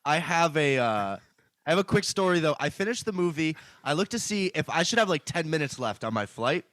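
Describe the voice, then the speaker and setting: A man's voice: a little high, very animated, fairly quick, fairly bright tone, no room sound. A man co-hosting a casual comedy podcast, telling stories animatedly and swearing freely over a remote call. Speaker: podcast co-host.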